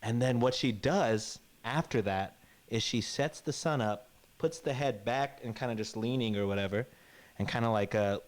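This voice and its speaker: At a normal speed and in a mid-range voice, a male co-host of a podcast rambles casually through a grim fairy tale. He swears freely and acts out what each character says.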